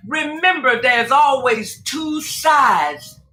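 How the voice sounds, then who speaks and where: Emphatic high-voiced woman, echoey room. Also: lively intonation, slow pace, sharp tone. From Tacoma, Washington, US. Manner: emphatic and exclamatory, calls the host girl and honey. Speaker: spiritual advisor, radio guest. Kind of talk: casual preachy radio chat. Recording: echoey room, faint noise.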